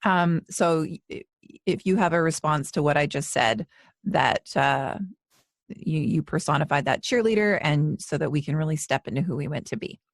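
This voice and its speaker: Gravelly podcast host, dry close sound. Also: medium pitch, moderate pace, no echo. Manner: warm, affirming, reflective. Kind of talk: supportive interview conversation.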